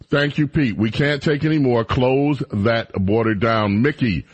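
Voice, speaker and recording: A man with a Southern American accent hosting a call-in radio show, moving callers along quickly. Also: mid-range voice, breathy edge. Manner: brisk, urging callers to be quick. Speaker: radio talk show host.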